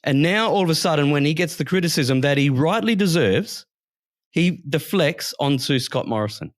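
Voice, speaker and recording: A man's voice: fairly high pitch, lively intonation, moderate pace, no room sound, studio quality. A man from Western Australia, co-hosting a casual podcast and ranting heatedly, with swearing. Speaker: podcast co-host.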